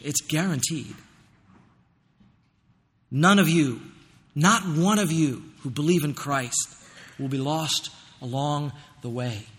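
A man preaching a sermon as pastor, fervent and emphatic, at times building to near-shouting. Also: a little high, long reverb tail. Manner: fervent, rising to near-shouting in rhetorical questions. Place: church.

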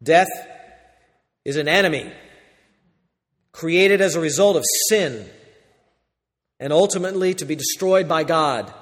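Male pastor, fairly high voice, preaching with a long hall reverb; moves between urgent and hushed. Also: measured pace, long pauses. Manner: swings from loud urgent preaching to quiet intimate tones. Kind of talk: sermon.

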